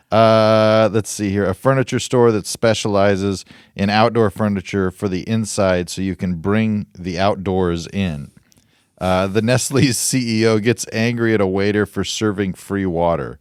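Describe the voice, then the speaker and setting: Low-voiced man reading listener emails. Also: clear, resonant tone, no echo, clean studio sound. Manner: reads haltingly, chuckles at the jokes. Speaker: podcast co-host reading listener suggestions. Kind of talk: casual chat, reading emails aloud. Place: podcast studio.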